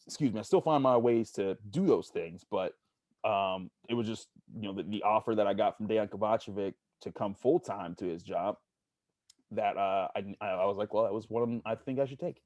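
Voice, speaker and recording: A man from Pittsburgh, a sports journalist, talking earnestly as a podcast guest, halting and searching for words. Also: on the low side, a little mellow, no room sound. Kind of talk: casual interview storytelling.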